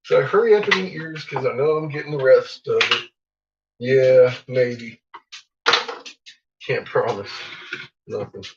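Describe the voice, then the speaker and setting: A man's voice: medium pitch, a little slow, pauses often. A man vlogging from home in a loose, casual ramble, swearing freely and chatting to himself and his pets. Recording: dull lo-fi home recording with clear background noise.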